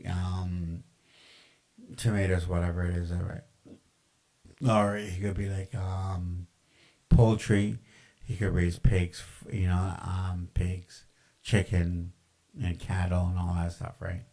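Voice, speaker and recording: A man's voice: low voice, mellow. A man lecturing in a profane, ranting podcast monologue, full of fillers and insults.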